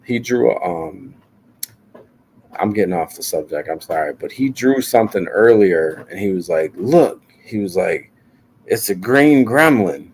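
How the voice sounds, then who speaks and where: A man's voice: low-pitched, moderate pace, dark tone, slight background noise. A man talking casually on a podcast, rambling and joking with plenty of swearing. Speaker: podcast guest. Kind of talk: casual chat.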